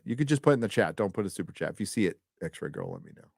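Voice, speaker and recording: A male live-stream host reads donations in a loose, chatty way, swearing freely and often stumbling over his words. His medium-pitched, creaky voice swings widely in pitch and races along with few pauses. The recording is dry and close, with no room sound.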